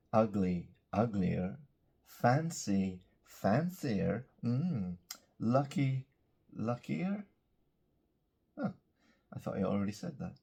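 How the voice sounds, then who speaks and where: A man teaching English grammar in a casual, chatty way, drawing out example words slowly and dropping joking asides, beside a small whiteboard indoors. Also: fairly low pitch, gravelly, warm tone, slightly rough. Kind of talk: casual grammar lesson to camera.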